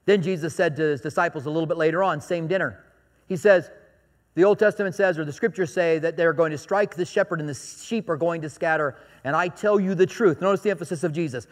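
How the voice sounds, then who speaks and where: A man with a high voice preaching a sermon, his words ringing with long reverb through a big church hall. He keeps it conversational and joking, repeating his key points for emphasis. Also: quick pace. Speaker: pastor.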